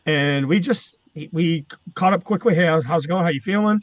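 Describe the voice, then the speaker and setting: A man's voice: fairly high pitch, normal speed, no echo, lo-fi sound. A man, a former wrestling manager, telling rambling, profane stories in casual chat. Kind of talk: casual storytelling.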